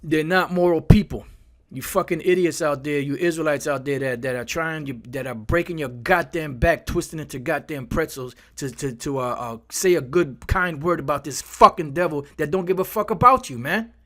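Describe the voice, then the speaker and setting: A man's voice: a little high, normal speed. A man preaching angrily from scripture, swearing hard and stumbling over repeated words as he drives each point home. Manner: fiery, profane, repeats words while building a point. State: angry. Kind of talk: angry scripture commentary.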